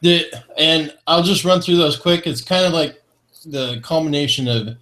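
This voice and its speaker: This co-host of a casual online vaping talk show has a fairly high, bright, forceful voice at a normal speed. He's upbeat as he reads a feel-good list aloud, chuckling between items and tossing in corny jokes.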